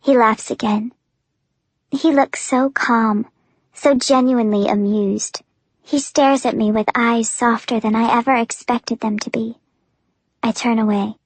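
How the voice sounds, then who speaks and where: A woman's voice: a little high, fairly even intonation, measured pace, no room sound. A young woman narrating a first-person audiobook with an emotive, breathless intensity.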